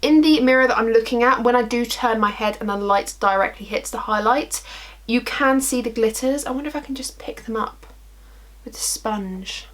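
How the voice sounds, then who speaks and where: Doing a makeup tutorial at a mirror, this young woman talks at a normal speed in a voice on the high side. She's chatty and self-deprecating, wandering into rambling asides as she goes.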